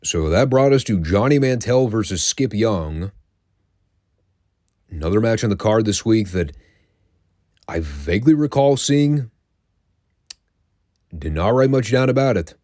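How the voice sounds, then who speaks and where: A man's voice: lowish voice, animated, measured pace, pauses often, mellow, no echo, studio quality. A man hosting a show, giving a casual, wry recap of old wrestling episodes and swearing now and then. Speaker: podcast host reviewing classic wrestling.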